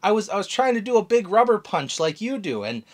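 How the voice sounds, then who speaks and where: High-pitched, whiny little girl, pleading, put on by a man. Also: big pitch swings, brisk. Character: small upset young girl.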